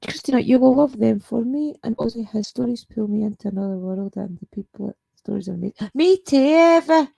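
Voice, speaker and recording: A woman's voice: a little high, lively intonation, fairly quick, creaky, few pauses, mellow, husky. A Scottish woman hosting a paranormal live stream from home at night, chatting casually with her viewers, laughing often and greeting them by name.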